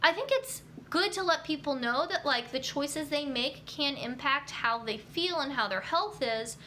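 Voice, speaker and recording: A young woman talks through a casual live stream about nutrition, answering viewer comments as they come in. Her voice is bright and sits a bit high, and she fills her answers with ums and you-knows. A faint hum of room noise runs underneath. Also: expressive, moderate pace. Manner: chatty, many fillers like um and you know.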